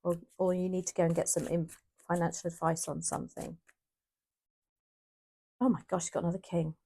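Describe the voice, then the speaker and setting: Woman tarot reader, casual and chatty, low register with gravel in it. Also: flat delivery, a little fast, warm tone. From United Kingdom. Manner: chatty, self-correcting, thinking aloud. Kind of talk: casual tarot reading to camera.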